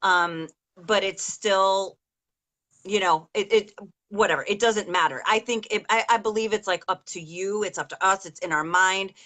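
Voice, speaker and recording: A woman's voice: medium pitch, moderate pace, a bit bright. A middle-aged woman interviewing a guest on a casual call, telling a long personal story in a rambling, emotional way with many fillers. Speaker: interviewer, mother of an injured daughter.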